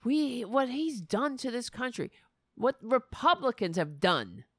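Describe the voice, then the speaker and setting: A woman's voice: a little high, very animated, measured pace, dry recording, clean studio sound. A woman hosting a political talk show, ranting with sarcastic, indignant anger and frequent swearing. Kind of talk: angry political commentary.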